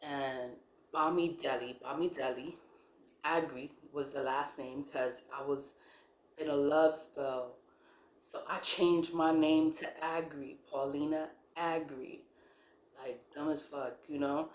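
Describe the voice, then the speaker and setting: A woman with a low voice tells her personal story in a loose, casual way. She is blunt and profane, laughs often, and says the important lines twice. The room around her gives a noticeable echo. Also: fairly even intonation, slow pace. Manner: emphatic repetition of key phrases. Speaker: vlogger telling a personal story.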